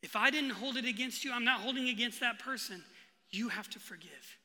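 A male pastor preaching a sermon in a hall with a long, ringing reverb. His voice sits high for a man and sounds very bright and cutting. He swings from forceful emphasis down to hushed, quiet lines. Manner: preaching with sudden bursts of emphasis and hushed drops. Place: church hall.

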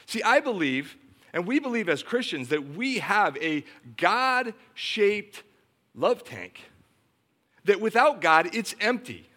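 A man's voice: high-pitched, very animated, slow pace, pushed and bright. A middle-aged man preaching a sermon as a pastor, emphatic and storytelling.

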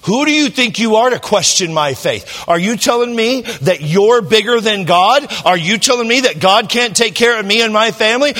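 A man voicing an indignant, tearful middle-aged churchgoer who protests in a high, strained voice. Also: pushed and bright, big-room sound, heavily acted.

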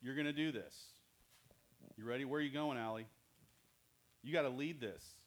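There's slight background noise as a man with a mid-range voice, moving at a moderate pace, leads kids through a church lesson. His storytelling is jokey, and he often stops to ask the children questions.

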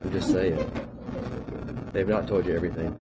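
A man's voice: low-pitched, fairly even intonation, normal speed, noisy background. A man giving a brief, light-hearted talk about a church outreach, joking as he speaks. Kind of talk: short talk at church report.

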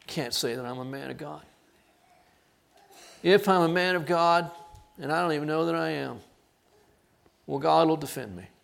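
Animated high-voiced male preacher. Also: creaky. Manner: animated, acts out quoted lines with big swings in pitch and loudness. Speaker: pastor. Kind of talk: sermon.

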